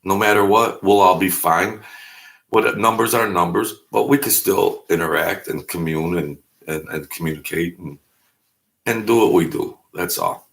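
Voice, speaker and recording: A man's voice: deep voice, normal speed, vocal fry, a bit bright. A man hosting his own channel, talking in a loose, rambling way with jokes and self-deprecating asides. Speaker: YouTube channel host. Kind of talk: casual vlog monologue.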